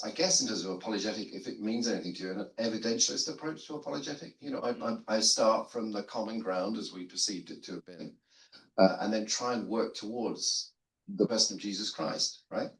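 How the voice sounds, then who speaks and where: A man's voice: fairly low pitch, animated, brisk, fairly bright tone. Older man telling stories in a roomy room. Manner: rambling, self-deprecating storytelling with frequent restarts. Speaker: guest theologian on a seminary panel. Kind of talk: conversational panel talk. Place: seminary lunch room. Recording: roomy echo.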